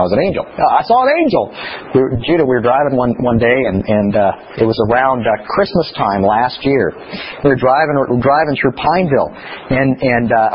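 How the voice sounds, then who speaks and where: A man teaching scripture in a chatty, animated way, telling stories between points. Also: medium pitch, highs cut off, a little hiss or hum. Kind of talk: bible teaching.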